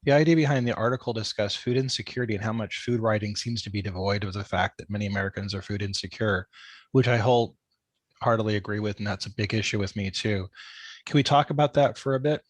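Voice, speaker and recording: A man's voice: on the low side, fast talker, dry recording. A man hosting a food podcast, chatty and prone to laughing anecdotes. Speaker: podcast host. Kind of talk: casual interview conversation.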